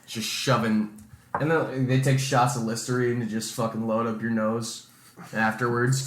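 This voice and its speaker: A man's voice: mid-range voice, normal speed, echoey room. A man co-hosting a podcast, telling a story in casual chat, swearing a lot and acting out the people he quotes. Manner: profane, animated storyteller doing dramatic quotes. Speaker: podcast co-host.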